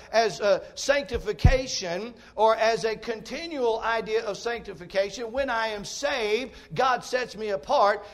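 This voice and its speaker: A man preaching a fervent revival sermon in a church auditorium, often rising to emphatic shouts. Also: very high voice.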